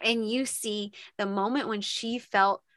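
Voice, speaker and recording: A woman's voice: medium pitch, steady tone, a little slow, a bit bright, no room sound, studio quality. A woman co-hosting a faith-based podcast, talking passionately and emphatically in a preaching rhythm. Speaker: podcast co-host. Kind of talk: faith-based casual chat.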